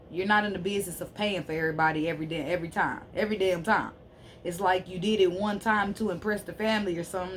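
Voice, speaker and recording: Low-voiced woman giving a blunt card reading. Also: slight background noise. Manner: emphatic, keeps checking in with "okay?"; blunt, sassy straight talk. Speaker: spiritual card reader. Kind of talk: casual tarot reading to camera.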